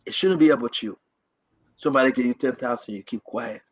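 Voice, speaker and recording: A man's voice: medium pitch, fairly quick, slightly rough, no echo, rough recording. A man with a Liberian accent hosting a livestream, giving an impassioned political address to his online viewers with rousing, repetitive rallying cries. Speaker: livestream host.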